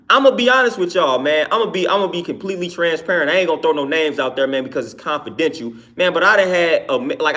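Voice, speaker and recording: A personal trainer gives an earnest, casual monologue in a high, fairly bright male voice. He keeps ending sentences with "man" and repeating "you know what I'm saying."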